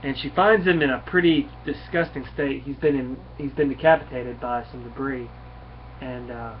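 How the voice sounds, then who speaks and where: A man's voice: medium pitch, fairly even intonation, moderate pace. A man casually reviewing a comic book, retelling the plot in a rambling way with fillers and restarts, on a dull lo-fi recording. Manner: rambling, many fillers and restarts, reads dialogue aloud. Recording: dull lo-fi recording with faint hiss.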